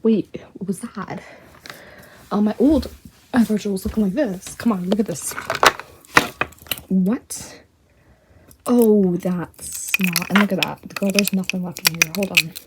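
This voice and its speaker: A young woman vlogging at home in her bedroom, talking in a hushed whisper so no one hears her, chatty and rambling. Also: mid-range voice, a little slow, long pauses, very noisy. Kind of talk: whispered haul vlog.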